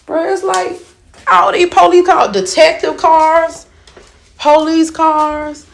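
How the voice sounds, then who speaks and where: A woman's voice: very high-pitched, slow pace, creaky. A woman venting to her vlog viewers in an agitated, profane, repetitive rant, shaken and upset. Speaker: vlogger.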